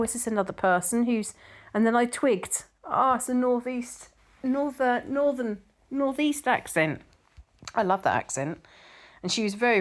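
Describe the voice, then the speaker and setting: A middle-aged woman from England chatting casually with viewers, reading out their comments and telling stories, often repeating herself. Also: mid-range voice. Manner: chatty, repeats words, tells anecdotes. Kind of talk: casual chat.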